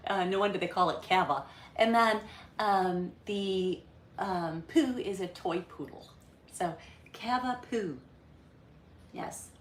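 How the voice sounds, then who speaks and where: Woman, livestream host, chatty and rambling, unhurried, faint room hum. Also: medium pitch. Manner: rambling, chatty, many ums. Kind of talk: casual weekly recap livestream. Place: home. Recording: echoey room.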